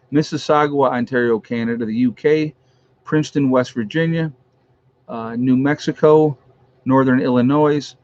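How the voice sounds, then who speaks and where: A man's voice: mid-range voice, muffled recording. A man from New York State hosting his own channel's livestream, chatting casually and with amusement as he reads out viewers' locations and teases trolls. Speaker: YouTube channel host.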